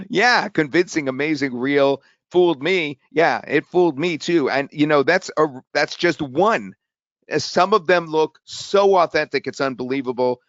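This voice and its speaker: A man hosting a live sales webinar, talking in an excitable, rambling way with restarts. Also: fairly high pitch, moderate pace, no echo. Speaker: webinar host. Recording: dull webinar audio.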